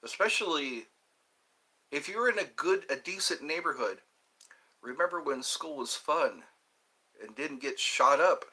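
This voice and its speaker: A middle-aged livestream host from Georgia in the Deep South speaks a little high and a little slowly, with lively intonation, long pauses and a sharp tone. On his casual stream he rambles through memories and answers the chat.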